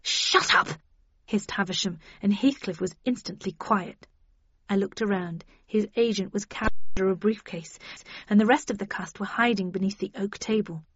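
A woman reading an audiobook, telling the story briskly in the first person. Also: medium pitch, steady tone, breathy edge, no echo, muffled recording. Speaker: audiobook reader. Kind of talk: scripted narration.

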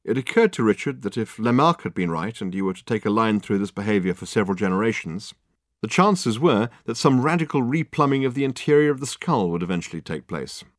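A man narrating an audiobook in a measured, dry storytelling manner. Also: fairly low pitch, lively intonation, dry recording. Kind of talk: scripted narration.

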